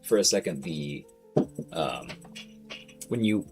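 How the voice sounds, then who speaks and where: Deep-voiced guy streaming, rambly and slangy, cusses a lot, bit of guitar music playing low behind him. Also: lively intonation, slow, a little mellow. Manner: rambling, slangy, swears freely. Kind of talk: casual livestream chat.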